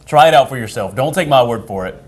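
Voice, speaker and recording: A man's voice: mid-range voice, animated, fast. A man hosting a casual on-location interview in a restaurant, upbeat and promotional. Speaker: host. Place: restaurant, indoors.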